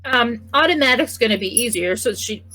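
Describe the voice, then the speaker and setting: Woman player in a tabletop rpg, a bit high, chatty, talks through what her character does. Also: lively intonation, a little fast, bright, forceful tone, rough recording. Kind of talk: casual play of a tabletop game.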